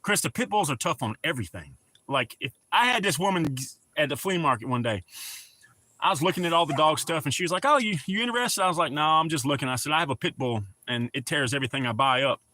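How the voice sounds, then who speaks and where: Bright-voiced chatty livestream host man. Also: a little high, expressive, quick pace, no echo. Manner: laid-back, chatty, greets viewers by name. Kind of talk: casual livestream chat.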